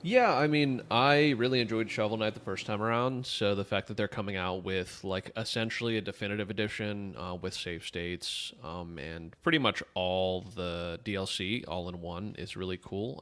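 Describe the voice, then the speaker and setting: A man's voice: fairly low pitch, moderate pace, hardly any pauses, fairly bright tone, clean tone. A man co-hosting a gaming podcast who talks bluntly and crudely in a brash, casual way. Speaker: podcast co-host.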